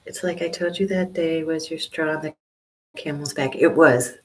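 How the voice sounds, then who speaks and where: A woman over fifty chatting on a casual livestream, whispering quietly from a small library study room. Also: low voice, fairly even intonation, normal speed, rough recording. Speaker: vlogger doing a livestream.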